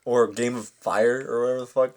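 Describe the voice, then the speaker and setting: A man's voice: mid-range voice, steady tone, a little fast. A young man co-hosting a podcast, rambling and swearing freely in casual chat, laughing often. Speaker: podcast co-host.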